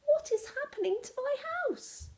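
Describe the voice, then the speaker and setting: A woman voicing a flustered elderly woman baker in a storybook, with a shrill, exclaiming manner. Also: animated, moderate pace, mellow. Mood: dismayed.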